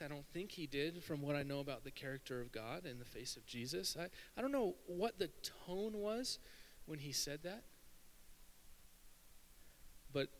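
A man preaching a sermon in an animated, conversational way, with dramatic pauses. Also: medium pitch, rough recording. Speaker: pastor.

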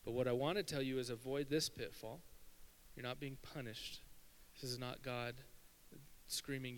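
A man preaching a sermon in an animated, conversational way, with dramatic pauses. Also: mid-range voice, a little hiss or hum, poor audio. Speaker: pastor.

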